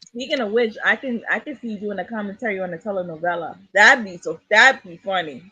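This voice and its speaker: A woman's voice: medium pitch, fast, bright, forceful tone, slightly rough, no room sound. A woman hosting a podcast, chatting casually and laughing often. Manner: laid-back, laughs often. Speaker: podcast host. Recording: dull, dry audio.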